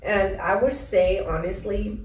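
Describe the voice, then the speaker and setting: A woman co-hosting a casual podcast, telling stories with an animated lilt and frequent laughter. Her mid-range voice sounds set back from the mic in a roomy space that echoes. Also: mid-range voice, measured pace, recorded from a distance, a little hiss or hum. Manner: animated storyteller, laughs often. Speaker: podcast co-host. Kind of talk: casual chat.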